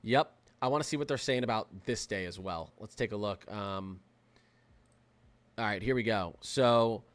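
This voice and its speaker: A young man hosting a live weather stream, talking in an excitable, rambling way with lots of fillers and restarts. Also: on the low side, moderate pace. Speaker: weather livestream host. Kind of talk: casual livestream commentary.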